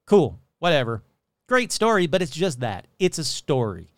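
A man's voice: on the high side, very animated, normal speed, no echo, clean studio sound. Sarcastic, swearing male podcast host. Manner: profane, sarcastic, rambling, mocks locals in silly voices. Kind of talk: casual comedic podcast monologue.

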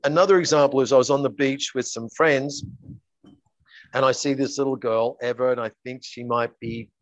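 In an interview, a coach earnestly tells stories and voices the dialogue within them. His medium-pitched voice is steady and moderately paced, and the recording is muffled but has no echo.

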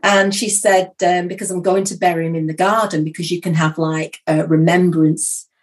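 A woman guest with a slightly low voice tells a story in a chatty way. She acts out the lines of the people in it with lively energy. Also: moderate pace. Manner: chatty and animated, acting out quoted speech. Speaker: podcast guest, psychic medium. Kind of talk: casual storytelling.

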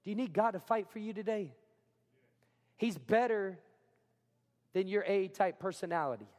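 A man's voice: high-pitched, normal speed, darkish tone. A man preaching a sermon as pastor, talking conversationally, often asking the congregation questions and acting out quotes. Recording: hall reverb.

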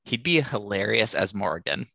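A man's voice: on the low side, lively intonation, moderate pace, gravelly, pushed and bright, no echo. A man co-hosting a podcast in casual chat, laid-back and chuckling. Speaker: podcast co-host.

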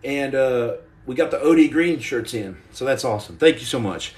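A man's voice: medium pitch, expressive, moderate pace, a little mellow, roomy sound, recorded from a distance. A man in his forties hosting a casual livestream from home, rambling and joking while he paints and answers viewer comments. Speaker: livestream host. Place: indoor room at home.

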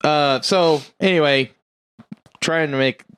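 A man casually recapping a movie plot on a podcast, acting out the characters' lines in quick bursts. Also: a little high, a bit bright, clear, resonant tone, no room sound. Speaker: podcast co-host.

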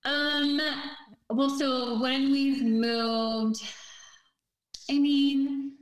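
A woman who is a guest on a podcast, chatting in a relaxed, rambling way with many filler words. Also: high voice, extremely slow, rough recording. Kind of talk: casual chat.

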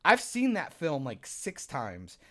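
A man's voice: a little high, slow. A young man talks in a slightly raised voice, loose and casual. He swears freely and acts out his own reactions as he tells stories on a podcast. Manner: animated, profane storyteller who acts out his own reactions. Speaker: podcast co-host. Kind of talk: casual chat.

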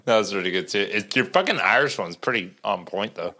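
Lowish voice, bright and edgy, animated crude banter guy. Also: brisk. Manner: profane, laughing banter. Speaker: podcast co-host. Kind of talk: casual chat.

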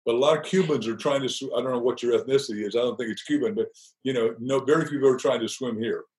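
A man's voice: mid-range voice, rapid-fire, a little mellow, poor audio. A man talking on a podcast in an emphatic, opinionated way, drifting into asides. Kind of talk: conversational podcast talk.

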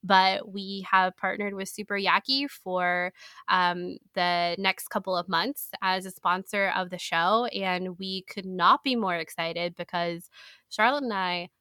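Bright, chatty woman podcast co-host. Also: medium pitch, fairly even intonation, measured pace, smooth, no room sound, clean studio sound. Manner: upbeat, chatty, laughs often. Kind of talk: casual chat.

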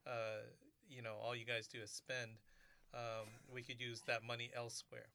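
A man in ministry talking casually, earnest and halting, often restarting his sentences. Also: medium pitch, monotone, sharp tone. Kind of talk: casual conversation.

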